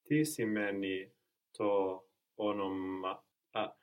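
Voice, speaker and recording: A man's voice: low voice, level tone, takes it slowly. A man answering questions as a student in a language lesson, a little tentative.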